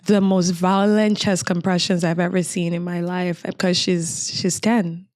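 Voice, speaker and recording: A woman's voice: fairly low pitch, flat delivery, unhurried, darkish tone, no room sound, studio quality. A middle-aged woman from Cameroon, a podcast guest earnestly recounting a frightening personal memory in conversation.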